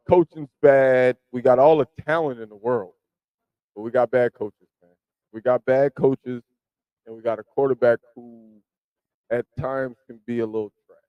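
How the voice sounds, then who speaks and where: A man hosting a podcast, chatting casually about football and swinging from low mutters to loud emphasis. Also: smooth, no echo, narrow, tinny audio. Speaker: podcast host. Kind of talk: casual sports chat.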